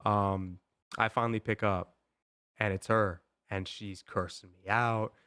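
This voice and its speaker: A young man with a low voice tells a story on a podcast, rambling, with "like" and "um" in nearly every sentence. The sound is close and dry, with no room sound. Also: steady tone, unhurried, bright, forceful tone, clean tone, dry recording. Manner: rambling, full of "like" and "um" fillers. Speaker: podcast host. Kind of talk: casual storytelling.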